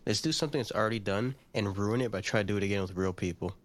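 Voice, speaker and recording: A man's voice: fairly low pitch, racing. A man in a casual chat show, blunt and argumentative as he makes his point. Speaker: podcast co-host.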